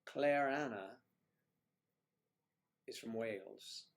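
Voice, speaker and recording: A man hosts a casual livestream and chats easily with the viewers watching. He greets them one by one by name and wanders from topic to topic. His voice sits at an ordinary middle pitch for a man. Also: drawn-out words. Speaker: livestream host.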